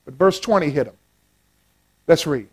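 A man preaching a sermon, animated and playful, swinging from loud exclamations to low asides and joking with the congregation. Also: normal speed, husky. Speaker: pastor.

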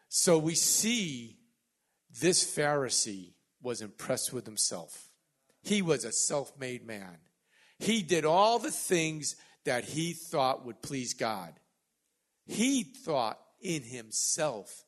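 Older preacher with a lively, swinging delivery. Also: male voice, medium pitch, takes it slowly. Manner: preaching with swings between loud emphatic passages and quiet asides; joking, conversational asides to the congregation. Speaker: pastor. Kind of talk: sermon.

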